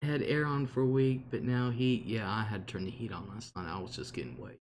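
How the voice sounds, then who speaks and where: A man's voice: fairly low pitch, brisk, slight background noise. A man hosting a casual livestream from home, chatting freely, laughing often and answering viewer comments. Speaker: livestream host. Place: home, at a table.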